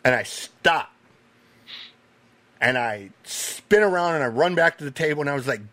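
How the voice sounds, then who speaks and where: A man, a podcast guest, telling animated stories in a casual chat, swearing now and then. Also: fairly high pitch, moderate pace, pauses often, dry recording. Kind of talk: casual storytelling.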